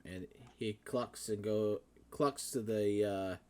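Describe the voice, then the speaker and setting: Male game master, lowish voice, relaxed and hesitant narration. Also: slow, smooth. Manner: casual, hesitant with fillers.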